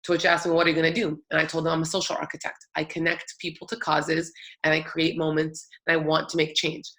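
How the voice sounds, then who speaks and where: A woman's voice: low-pitched, completely flat delivery, fast, a bit bright. A young adult woman giving a talk, telling her own story in an earnest, emphatic way. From United States. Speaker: public speaker.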